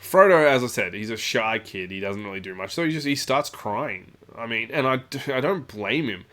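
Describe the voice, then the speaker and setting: A man's voice: medium pitch, expressive, normal speed, a bit bright. Rambling man telling a story. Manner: rambling, many fillers and asides. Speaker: storyteller, tabletop channel host. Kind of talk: casual anecdote.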